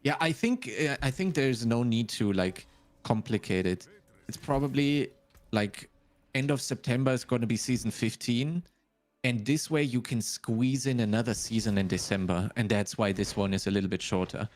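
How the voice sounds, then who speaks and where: A man with a German accent in casual live-stream chat, reasoning his way through things out loud. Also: mid-range voice, normal speed. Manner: thinks aloud, working things out step by step. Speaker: streamer and host.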